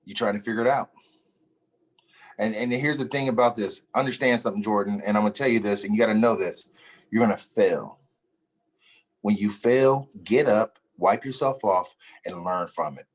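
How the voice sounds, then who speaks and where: A man runs a mentoring workshop over a video call, speaking at a moderate pace with a fairly low voice. As workshop facilitator he's emphatic and repeats his points, starting out jokey before turning earnest.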